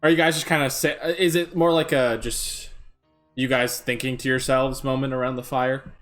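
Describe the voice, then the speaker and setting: A man's voice: medium pitch, steady tone, normal speed, fairly bright tone, soft background music. A man running a tabletop game as game master, narrating loosely with lots of fillers.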